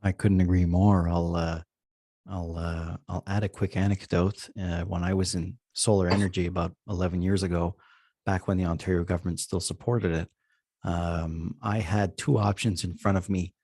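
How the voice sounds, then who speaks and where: A man hosting a podcast interview, speaking haltingly with many fillers. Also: sits low, level tone, darkish tone, no room sound, studio quality. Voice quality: gravelly. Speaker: podcast host. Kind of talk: casual interview chat.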